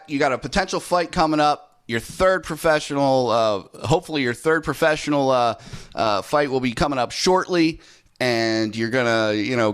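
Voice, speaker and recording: A man's voice: medium pitch, a bit bright, clear, resonant tone. Rambling man hosting a casual chat. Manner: rambling, many fillers. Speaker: podcast host.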